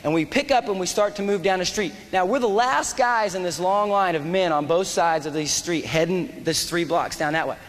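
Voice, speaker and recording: A man in his forties, an army veteran telling a war story as a speech, animated and acting out the dialogue. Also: high-pitched, moderate pace, few pauses. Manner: animated, acts out dialogue and shouts quoted lines. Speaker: motivational speaker and army veteran. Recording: reverberant hall with faint noise.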